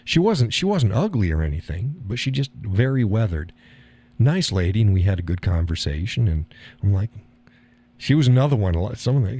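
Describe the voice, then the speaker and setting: A man's voice: lowish voice, big pitch swings, fairly quick, mellow. A man hosting a live stream, talking casually and rambling, chuckling at his own remarks.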